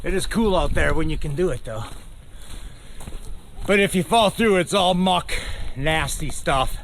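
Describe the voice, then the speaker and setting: A man narrates a rainy walk with his dog in a chatty, easygoing way. His voice sits fairly high. Wind and rain hiss loudly through the camera's built-in mic. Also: expressive, a little slow. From Midwestern US. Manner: chatty, talks to his dog, says a spoken prayer. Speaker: vlogger walking his dog. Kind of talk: casual outdoor vlog narration. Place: outdoors in windy rain by wetlands and trees. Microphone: camera mic, no external microphone. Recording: windy outdoor camera audio with rain noise.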